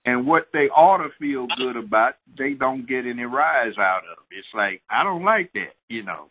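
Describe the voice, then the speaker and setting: With a husky, medium-pitched voice, lively intonation and normal speed, this man is a judge guesting on an interview show. He tells stories and gives advice emphatically, almost lecturing, over narrow, phone-like audio.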